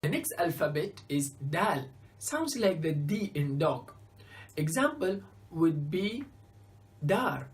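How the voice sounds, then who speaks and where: Woman teacher, lowish voice, very slow deliberate delivery, careful letter-by-letter instruction. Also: sing-song. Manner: careful, spells out each letter and example word. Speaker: Arabic teacher. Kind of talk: slow beginner alphabet lesson.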